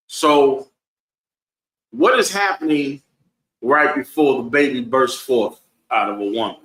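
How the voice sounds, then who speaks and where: Preachy guy teaching bible class, bright sharp voice, echoey room. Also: mid-range voice, measured pace, long pauses. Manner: preachy, asks the room "right?" over and over.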